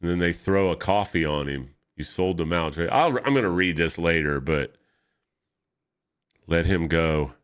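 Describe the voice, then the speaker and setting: A comic book vlogger with a low, smooth voice flips through comics, speaking unhurriedly and pausing often. His casual commentary rambles, picks at details, and frequently corrects itself mid-sentence.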